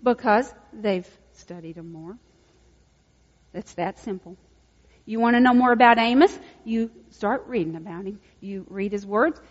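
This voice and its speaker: A woman preaching a sermon, swinging from hushed, intimate lines to loud emphatic peaks. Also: mid-range voice, unhurried. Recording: dull lo-fi recording with long hall reverb.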